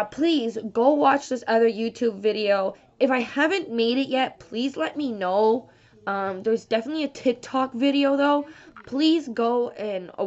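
A young woman with a higher voice pours out a rambling, emotional confessional vlog, circling back and restarting her sentences. The audio is dull and lo-fi. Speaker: vlogger.

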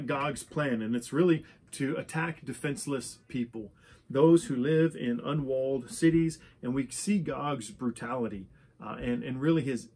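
A man leads a Bible study in a husky, mid-pitched voice. He reads scripture aloud and explains it, pausing often on "uh" and restarting his sentences. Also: darkish tone. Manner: frequent "uh" fillers, restarts, reads verses aloud. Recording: church service recording.

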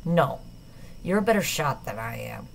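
A woman's voice: rumbling low, sing-song, moderate pace, vocal fry, a little hiss or hum, pitched below the performer's own voice, heavily acted. A woman reading an audiobook, voicing a blunt, impatient teenage boy who speaks with curt scorn.

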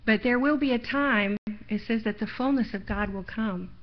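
A woman's voice: a little high, moderate pace. A middle-aged woman preaching a sermon in a church, folksy and personal, sharing her own testimony and pressing points with rising force. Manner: folksy, personal testimony, building to louder emphasis. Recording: lo-fi live stream audio.

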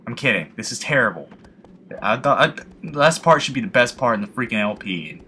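Bright-voiced young man swearing through gameplay. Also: mid-range voice, animated, normal speed, a little hiss or hum. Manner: emotional, swearing, self-mocking rambling. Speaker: let's play gamer. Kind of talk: casual gameplay commentary.

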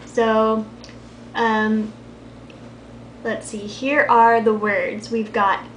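Young woman from Texas, light Texan accent, high-pitched voice, speaks softly into her camera's built-in mic in a roomy, echoey space. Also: little pitch movement, extremely slow, pauses often, a little hiss or hum. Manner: soft-spoken, quiet. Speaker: vlogger. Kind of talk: casual chat to camera. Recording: echoey room.

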